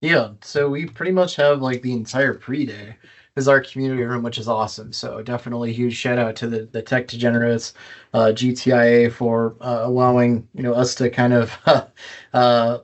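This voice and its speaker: Relaxed, halting male podcast guest. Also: medium pitch. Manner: relaxed, halting with many fillers and restarts. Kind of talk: casual interview chat.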